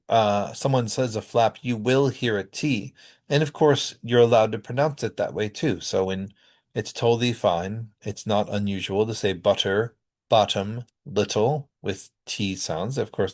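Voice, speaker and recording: Man, lecturer, from North America, lowish voice, explanatory, hesitant fillers. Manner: explanatory, with frequent ums and uhs. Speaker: linguistics lecturer. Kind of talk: recorded lecture.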